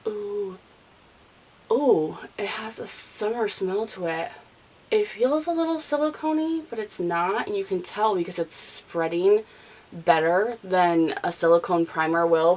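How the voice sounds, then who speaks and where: A woman's voice: fairly low pitch, poor audio. Chatty, nasal woman doing her makeup. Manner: chatty, rambling, talks while applying makeup. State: stuffy from allergies. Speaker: beauty vlogger. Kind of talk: casual chat.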